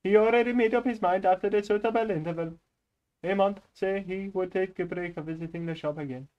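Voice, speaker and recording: A man's voice: sits high, brisk, lo-fi sound, pitched above the performer's own voice, lightly acted. A man reading book narration in a put-on Indian accent, in a theatrical, sing-song way. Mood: playful. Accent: put-on Indian English.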